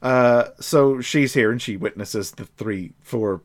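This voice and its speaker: A man co-hosting a casual podcast, animated, laughing often and acting out characters. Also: mid-range voice, takes it slowly. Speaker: podcast co-host. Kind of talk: casual comic chat.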